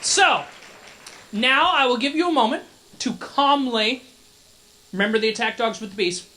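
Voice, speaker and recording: A man's voice: extremely high pitch, animated, moderate pace, pushed and bright. A man emceeing a convention masquerade, telling a joking story on a handheld mic as filler. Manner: joking, chatty filler banter. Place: convention event hall. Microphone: handheld microphone.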